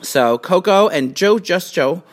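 A woman's voice: lowish voice, animated, measured pace. Tipsy woman rambling through celebrity facts. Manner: rambling, reads aloud with fillers and restarts. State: tipsy, hiccuping. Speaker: vlog host reading celebrity facts. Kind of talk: casual chat. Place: home, indoors.

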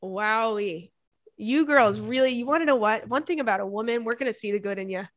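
A woman's voice: on the high side, a little fast, no echo, studio quality. A woman hosting an advice podcast, reading listener letters and reacting with frequent laughter, swearing and dramatic apologies. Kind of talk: casual advice podcast chat.

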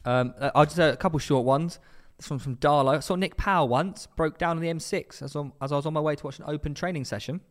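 A man's voice: a little high, fast, big-room sound. A man co-hosting a casual football podcast, rambling and correcting himself as he reads out listener stories. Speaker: podcast co-host.

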